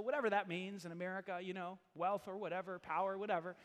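A man's voice: sits high, fast, hardly any pauses, fairly bright tone. A male pastor preaching a sermon, telling self-deprecating stories in a chatty way with laughs. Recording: hall reverb.

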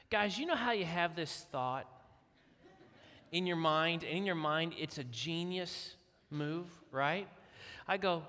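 Middle-aged guy telling a story from the pulpit, bright punchy voice, animated, big reverby hall. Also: a little high, measured pace. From Kentucky. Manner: animated storyteller acting out quotes. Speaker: guest speaker. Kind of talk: storytelling sermon.

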